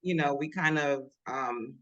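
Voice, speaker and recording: Low-voiced woman, heartfelt and easygoing. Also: unhurried, a bit bright, dull audio. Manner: heartfelt, lots of "you know". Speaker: podcast co-host. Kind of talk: casual podcast chat.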